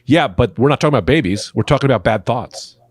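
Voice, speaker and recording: A man riffing through an improvised comedy podcast, rambling and deadpan-absurd, speaking into a studio microphone. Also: medium pitch, quick pace, slightly rough, no room sound. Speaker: podcast co-host.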